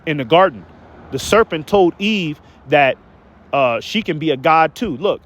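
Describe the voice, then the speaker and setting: A man's voice: fairly high pitch, lively intonation, a little slow, a bit bright. A man preaching a heated rant, reading scripture aloud, stumbling on words and tagging his points with "okay?" and "man". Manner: emphatic, keeps asking "okay?" and "man". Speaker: online preacher.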